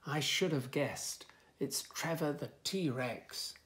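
A man voicing a brisk female dinosaur police inspector in a storybook reading, firm and businesslike. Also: a little high, fairly bright tone.

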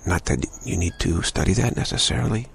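A man giving a spiritual talk, speaking in an unhurried way and repeating phrases. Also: deep voice, vocal fry, a little hiss or hum. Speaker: spiritual teacher.

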